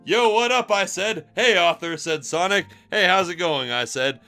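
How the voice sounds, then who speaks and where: A man's voice: high-pitched, normal speed, soft background music. A man reading a fan story aloud on a live stream, giggling between lines. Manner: reads dialogue tags flatly, breaks into laughter.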